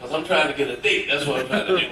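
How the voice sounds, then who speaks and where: A man from Tennessee doing stand-up comedy, telling a story in an animated, emphatic way with shouted punchlines. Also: on the high side, racing, noisy background. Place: cruise ship theater with audience. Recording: echoey theater from far off. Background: audience laughter.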